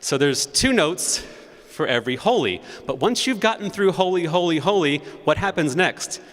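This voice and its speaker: A man's voice: on the high side, animated, normal speed, a bit bright. A man, the church organist, telling the congregation the story behind a new hymn in a chatty, storytelling way. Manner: chatty, storytelling, sings note syllables to demonstrate. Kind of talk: spoken introduction to a hymn at a concert. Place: large church sanctuary. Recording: long church reverb.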